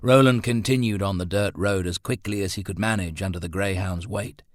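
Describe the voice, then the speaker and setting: A man reads a thriller audiobook in a measured, steady way. His voice sits low. The sound is dry and close. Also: no room sound. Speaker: narrator. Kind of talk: audiobook narration.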